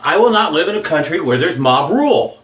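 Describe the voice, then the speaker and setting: A man with a drawl vents in a blunt, profane home-video rant. His voice sits a little high for a man. The sound bounces around a hard, echoey room. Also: sing-song, fairly quick, a bit bright. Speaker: shaving vlogger. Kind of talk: angry political rant.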